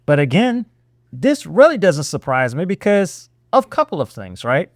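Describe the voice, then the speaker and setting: A man hosting a political reaction show, talking in a sarcastic, animated way with many rhetorical questions. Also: on the high side, moderate pace, dry recording, studio quality. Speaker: host.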